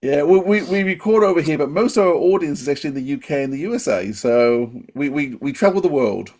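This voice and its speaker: A man's voice: on the high side, lively intonation, quick pace, darkish tone. A man with an Australian accent, hosting a podcast and asking a guest questions. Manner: friendly, inquisitive. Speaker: podcast host. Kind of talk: podcast interview.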